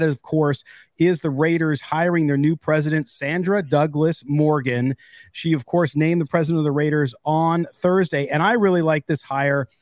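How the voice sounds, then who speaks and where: Man, sports podcast co-host, enthusiastic, slightly high pitch, dry sound. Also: a little mellow, dry recording. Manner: enthusiastic, reads quotes aloud. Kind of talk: casual sports talk.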